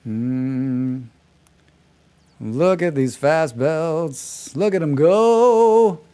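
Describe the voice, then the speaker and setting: A man streams his gameplay and talks casually, cracking sarcastic jokes along the way. He sounds a little high, expressive and smooth, with a warm tone and drawn-out words.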